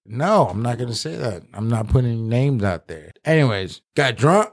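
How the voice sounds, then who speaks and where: A man's voice: medium pitch, sing-song, moderate pace, gravelly. A man co-hosting a podcast, telling a rambling, profane story in casual chat. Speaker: podcast co-host.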